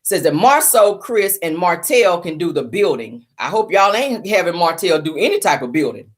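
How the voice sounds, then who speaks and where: A middle-aged woman hosting a sassy celebrity gossip show, with a sarcastic, dramatic delivery and drawn-out emphasis. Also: on the low side, very animated. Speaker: host.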